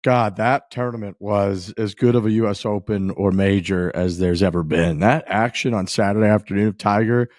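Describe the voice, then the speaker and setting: A man's voice: lowish voice, moderate pace, hardly any pauses, darkish tone, no echo. Laughing man, dry close sound. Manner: enthusiastic rambling, laughs often, swears. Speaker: podcast co-host. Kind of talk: casual chat.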